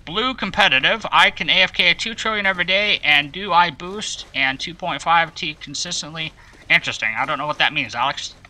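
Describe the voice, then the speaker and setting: Bright, playful man streaming a game. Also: sits high, poor audio. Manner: playful, chatty, greets viewers by name. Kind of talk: live game stream commentary.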